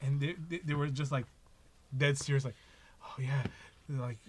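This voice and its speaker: A man's voice: medium pitch, little pitch movement, fairly quick, background noise. A man co-hosting a card game stream, telling jokey stories in a rambling way full of fillers. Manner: rambling, many fillers and restarts, joking. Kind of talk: casual chat while playing a card game.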